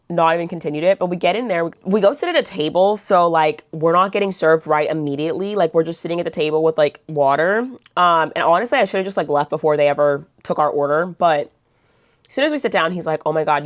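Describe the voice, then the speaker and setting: A woman's voice: fairly low pitch, dry recording, clean studio sound. A young woman vlogger telling a storytime in a blunt, chatty way, swearing and saying "like" a lot. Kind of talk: storytime vlog.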